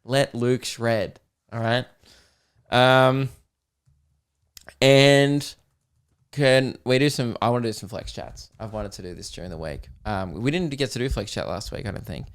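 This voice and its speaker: A man's voice: mid-range voice, a little slow, long pauses, smooth. A young Australian man hosting a casual comedy podcast, reading out listener messages with sarcastic jokes. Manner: joking, sarcastic, reads listener messages aloud. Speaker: podcast host.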